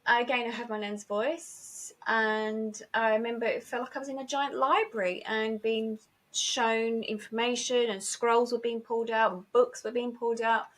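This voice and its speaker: A woman's voice: fairly high pitch, fairly even intonation, normal speed, a bit bright. A woman, a guest on an interview podcast, telling a personal story vividly, acting out remembered dialogue with many fillers and restarts.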